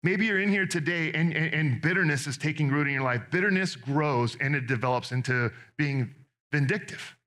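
Man preaching, bright forceful tone, a little high, earnest and direct, casual asides. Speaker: pastor. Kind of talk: sermon.

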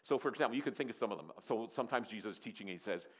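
A male pastor delivering a sermon in an animated, playful way. His pitch swings widely as he acts out scenes, then drops to a soft, low, earnest tone. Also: very fast.

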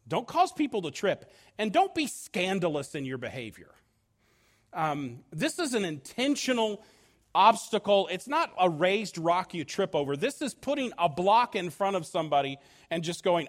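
High-voiced, animated man preaching. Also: a little slow. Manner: conversational preaching with frequent restarts and ums. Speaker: pastor. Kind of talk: sermon.

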